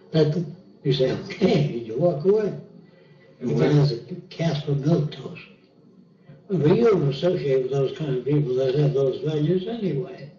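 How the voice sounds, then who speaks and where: A man's voice: mid-range voice, mellow. Blunt man lecturing from far off. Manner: blunt, anecdotal, rhetorical questions. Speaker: seminar speaker. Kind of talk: unscripted lecture. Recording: dull, roomy sound from afar.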